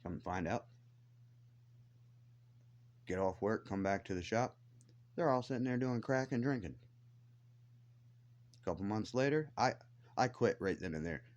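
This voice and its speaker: A man's voice: lowish voice, lively intonation, a little slow, pauses often. A man ranting to the camera in a blunt, defiant way, swearing heavily as he tells his grievances. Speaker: vlogger. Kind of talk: angry profane rant to camera.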